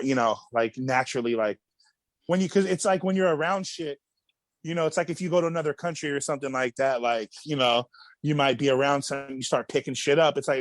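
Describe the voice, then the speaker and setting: A man's voice: medium pitch, no room sound. A young man from Australia, a music producer guest, talking in a laid-back, rambling way with plenty of swearing and fillers. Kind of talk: casual podcast chat.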